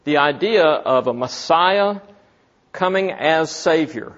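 A man teaching from the Bible in a sermon, slow and deliberate, asking his listeners questions. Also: on the high side, animated, a bit bright, lo-fi sound. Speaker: preacher.

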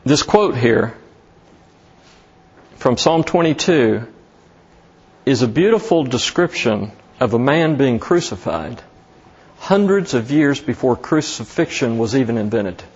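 A man preaching a sermon as pastor, slow and emphatic, lifting his voice on key words. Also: medium pitch, lively intonation, breathy edge, highs cut off.

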